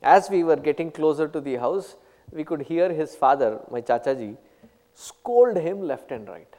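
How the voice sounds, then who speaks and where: A man giving a spiritual talk, telling stories and explaining terms one by one in an unhurried way. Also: a little high, expressive, mellow, long reverb tail. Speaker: spiritual teacher. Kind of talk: spiritual discourse with anecdotes.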